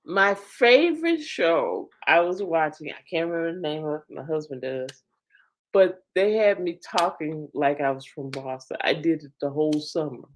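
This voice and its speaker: A woman hosting a casual live stream, chatting with her viewers in a lively, talkative way and laughing often. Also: low-pitched, moderate pace. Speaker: livestream host.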